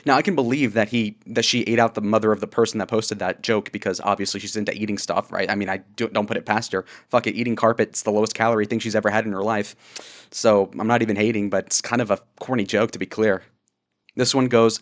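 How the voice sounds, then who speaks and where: A man's voice: fairly low pitch, steady tone, fast talker. A man giving sarcastic, mocking commentary on social media posts, with frequent fillers. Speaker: political commentary YouTuber.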